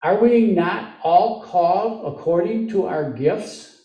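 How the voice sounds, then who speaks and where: Slow and dark-toned yet high-pitched, a Midwestern American lay preacher delivers a conversational sermon full of jokes and questions for his congregation. The audio is dull, taken from a distant mic in a reverberant sanctuary.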